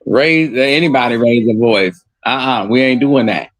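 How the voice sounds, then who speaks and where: A man hosting a casual chat, telling lively, teasing stories. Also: medium pitch, normal speed, no echo. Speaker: host.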